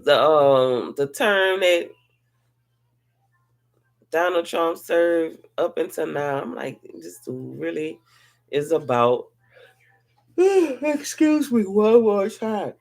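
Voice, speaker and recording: A woman talking casually to her viewers at home, rambling and conversational, addressing them directly as she talks. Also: low-pitched. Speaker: online talk host. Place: at home, having her hair done.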